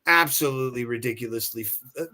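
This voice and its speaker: A middle-aged man, a podcast guest and actor, telling an anecdote in a casual, animated way, acting out other people's lines as he goes. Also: mid-range voice, fast talker. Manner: animated, acts out quoted people, many restarts.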